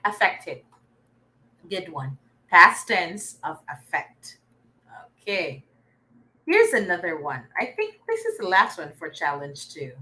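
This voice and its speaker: A woman's voice: mid-range voice, bright, forceful tone, rough recording. A young Filipino woman teaching an online reading lesson, coaxing and praising her students as she goes. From Philippines.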